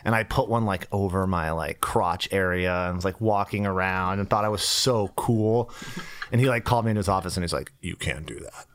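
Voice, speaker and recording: A man's voice: low-pitched, fairly even intonation, fairly quick, fairly bright tone, smooth. A man guest on a podcast, talking casually in a rambling way with lots of fillers. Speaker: guest, sex toy company executive.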